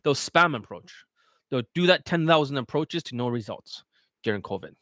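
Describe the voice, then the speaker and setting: A man talking as a dating coach in a casual livestream, blunt, boastful and full of swearing as he pitches his products. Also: animated, normal speed, fairly bright tone, no room sound, clean studio sound.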